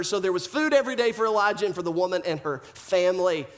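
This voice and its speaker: A male pastor preaching a sermon in an animated style, full of rhetorical questions and repeated phrases. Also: sits high, fast.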